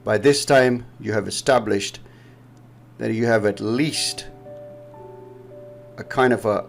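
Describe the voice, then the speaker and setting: Gravelly man with a Pakistani accent. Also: on the low side, takes it slowly, pauses often, soft background music. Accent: Pakistani English. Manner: rambling, explanatory, laughs often. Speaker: trading educator. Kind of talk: casual chart-analysis chat.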